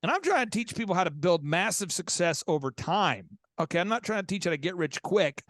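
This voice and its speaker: Lively high-voiced male podcast host. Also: brisk, dry recording, studio quality. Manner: energetic, acts out both sides of conversations. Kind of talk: animated storytelling.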